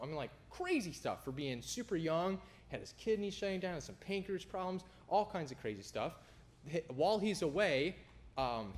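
Young guy preaching, pitch jumps all over the place, kinda high voice, chatty asides. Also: slight background noise. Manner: animated, conversational preaching with quick asides. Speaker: pastor. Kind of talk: sermon.

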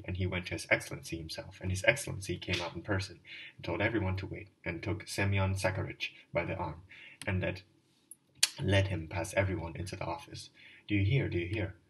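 A man reading the part of a proud, boastful poor wife, repeating herself excitedly. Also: low-pitched, brisk, recorded from a distance, a little hiss or hum. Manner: excited repeating "do you hear".

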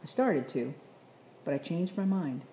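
Storybook: earnest young country boy, a woman reading him; low mellow read, roomy sound. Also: lively intonation, measured pace, slight background noise. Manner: earnest, eager.

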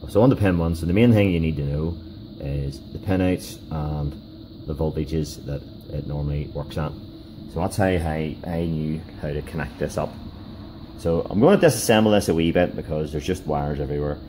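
Super deep-voiced guy doing a diy demo at his bench, stops and restarts a lot, hiss in the background. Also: warm tone, low-quality recording. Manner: halting, with many fillers and restarts. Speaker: DIY car repair video host. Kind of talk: casual hands-on demonstration.

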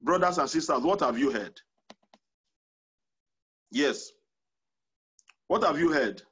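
A man's voice: fairly high pitch, animated, slow pace, fairly bright tone, breathy edge, muffled recording. A man preaching a sermon as pastor, emphatic and counting off numbered points.

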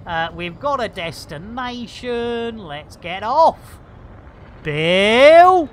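A woman's voice: fairly high pitch, lively intonation, slow, slight background noise. A woman streaming a space game live, chatting to herself in a jokey way full of playful slang and muttered asides. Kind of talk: live gameplay commentary.

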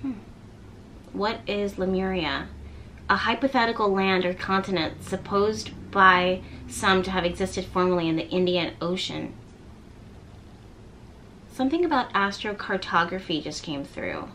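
A woman giving a tarot reading to her viewers, gently encouraging them and reading card texts aloud. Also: medium pitch, lively intonation, measured pace, a little hiss or hum. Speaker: tarot reader.

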